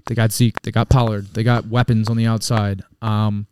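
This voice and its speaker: A man's voice: lowish voice, flat delivery, moderate pace, darkish tone, a little hiss or hum. A man co-hosting a casual sports betting podcast, rambling and crude in his banter. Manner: rambling, crude, trash-talking. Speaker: podcast co-host.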